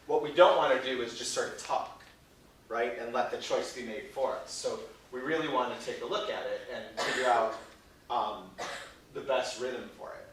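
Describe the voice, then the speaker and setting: A man with a mid-range, fairly bright voice teaches a Shakespeare workshop at a moderate pace, keeping it playful and frequently ending lines with "right?" He sounds distant in an echoey room, with slight hiss or hum on the recording.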